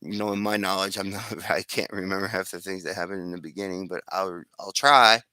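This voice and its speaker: A man's voice: low voice, steady tone, brisk, pushed and bright, no echo. A man casually telling his own improvised fan story, rambling with restarts and asides.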